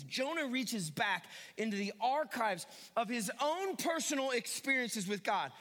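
A man preaches a sermon in a high, sharp voice that leaps up and down as he goes. He drops to quiet asides, then shouts his big points. The sound rings out with the long reverb of a large hall. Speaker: pastor.

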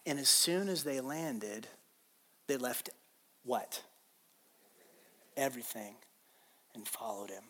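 A man preaching a sermon as pastor in an animated, conversational way, swinging from loud to quiet. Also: mid-range voice, slow pace, long pauses.

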